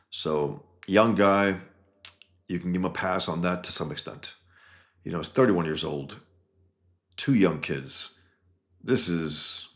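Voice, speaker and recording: A man with a very low, deep voice talks in a blunt, heated way and swears often. He gives casual commentary and reads out comments from the internet. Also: fairly bright tone.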